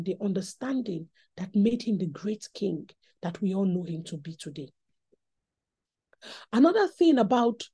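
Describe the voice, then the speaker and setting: Animated Nigerian woman preaching, husky voice. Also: medium pitch. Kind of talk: sermon.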